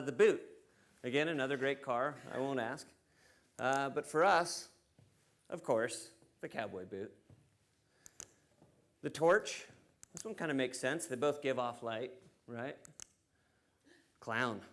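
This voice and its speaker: American man, mid-pitched, easygoing conference speaker, jokes with the crowd. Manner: relaxed, joking, many fillers. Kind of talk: conference keynote talk. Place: conference stage before an audience.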